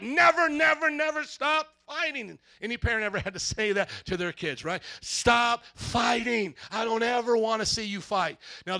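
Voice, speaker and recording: A man pastor preaching a sermon, swinging from loud emphatic shouts to soft asides. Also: sits high.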